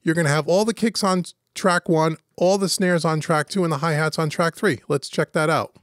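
Higher-voiced man giving a casual tutorial. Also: steady tone, normal speed, noisy background. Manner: casual, step-by-step walkthrough. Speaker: host and instructor. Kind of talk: screen-recorded software tutorial.

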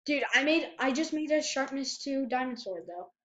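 A woman giving casual gameplay commentary at her computer, excitable and prone to repeating herself. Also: sits high, moderate pace. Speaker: gamer. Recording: dull lo-fi home mic.

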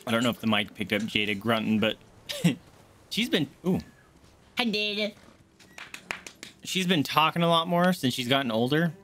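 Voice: medium pitch, expressive, fairly quick, a bit bright, slight background noise. A game streamer chatting casually on a live stream, often cooing baby talk at a pet dog between gameplay remarks.

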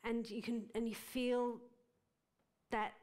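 A woman's voice: fairly high pitch, level tone, slow, darkish tone. A woman, a filmmaker chatting eagerly and rambling a little on a live panel. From Australia. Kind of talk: panel discussion. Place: live gallery panel event.

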